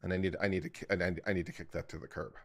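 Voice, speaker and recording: A man's voice: sits low, fairly even intonation, rapid-fire, gravelly. A man streaming legal commentary, explaining jury charges and critiquing his own speaking habits in a casual, self-critical way. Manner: self-critical, explanatory, talks through his edits aloud.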